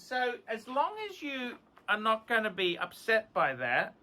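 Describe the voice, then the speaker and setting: A man's voice: extremely high pitch, animated, a little fast, hardly any pauses, pushed and bright. A man reviewing watches in a rambling, enthusiastic way, repeating words for emphasis. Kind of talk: casual video review.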